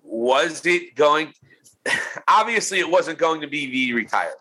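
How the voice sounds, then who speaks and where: A man co-hosting a casual wrestling podcast, animated and laughing, tossing in quick impressions of people. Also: a little high, low-quality recording. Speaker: podcast co-host.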